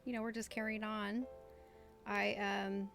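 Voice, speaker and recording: A woman's voice: medium pitch, little pitch movement, measured pace, vocal fry, a bit bright, soft background music. A woman hosting a livestream, chatting casually and easily amused while crafting and reading viewer comments. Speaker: livestream host doing crafts.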